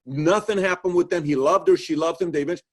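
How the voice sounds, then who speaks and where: A husky, slightly high-pitched man hosts a casual interview. He tells stories with energy and acts out what people said. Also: fast. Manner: animated storytelling, acts out quotes. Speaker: podcast host.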